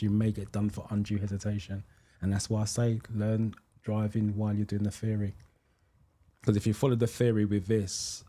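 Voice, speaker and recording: Reading out viewer comments on his live driving theory stream, a British host chats casually and explains the answers, thinking aloud, saying um a lot, and thanking people. He has a fairly low, dark-toned voice.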